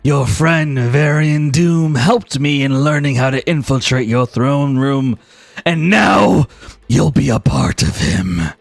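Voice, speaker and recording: A man doing a slow, gloating monster villain. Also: medium pitch, expressive, gravelly, no room sound, soft background music. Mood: menacing. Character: sinister male parasite-master creature.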